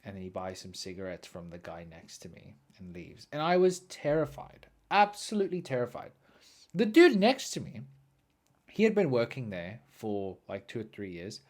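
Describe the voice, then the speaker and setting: A young man hosting a podcast, telling stories in an animated, swearing, ranting way. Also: on the low side, normal speed. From South Africa. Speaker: podcast host. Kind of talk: storytelling monologue.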